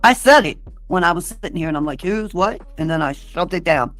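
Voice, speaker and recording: A woman's voice: on the low side, lively intonation, brisk, a bit bright, faint music behind. A woman on a livestream in an angry, indignant rant, cursing and defensive.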